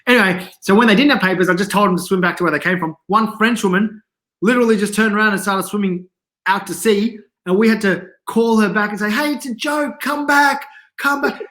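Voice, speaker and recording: A man, a comedian guest in a casual interview, telling animated anecdotes and laughing often. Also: high voice, quick pace. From Australia.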